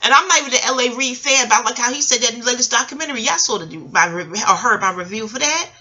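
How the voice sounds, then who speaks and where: A middle-aged woman rants in a casual vlog, her voice bright and fairly high. She rambles from point to point, swears freely, and swings between loud outbursts and quiet asides. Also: quick pace, highs cut off. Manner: rambling, scattered and profane. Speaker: vlogger. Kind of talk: casual rant commentary.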